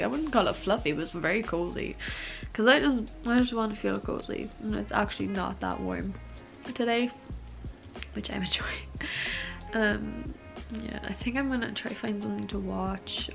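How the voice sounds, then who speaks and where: Woman, 20s, vlogger, chatty and rambling, vocal fry, soft music behind. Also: mid-range voice. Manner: rambling, says "like" a lot. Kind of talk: casual chat to camera.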